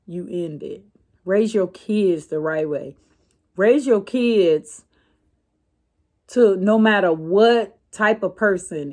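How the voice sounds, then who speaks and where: A woman vlogger telling a story in a casual, chatty way, with many fillers and restarts. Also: mid-range voice.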